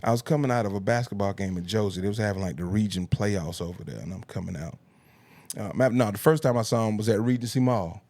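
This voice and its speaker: Animated low-voiced comedian. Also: male voice, quick pace, no room sound. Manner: animated, laughing, big pitch jumps when telling punchlines. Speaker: comedian guest. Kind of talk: podcast storytelling.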